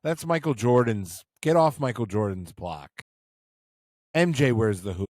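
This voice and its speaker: A man's voice: mid-range voice, lively intonation, unhurried, a little mellow, no echo. Male co-host, dry teasing sports banter, close dry mic. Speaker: podcast co-host. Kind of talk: casual sports chat.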